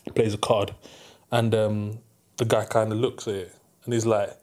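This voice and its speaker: A man's voice: fairly low pitch, normal speed. A young man telling a story in casual podcast chat, acting out the voices of the people in it and often laughing. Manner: animated storyteller, acts out voices, breaks into laughter. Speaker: podcast co-host.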